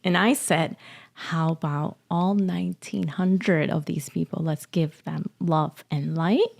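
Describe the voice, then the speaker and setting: A woman telling a personal story as a podcast guest, emotional and halting, often laughing. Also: low-pitched, gravelly, darkish tone. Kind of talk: casual interview storytelling.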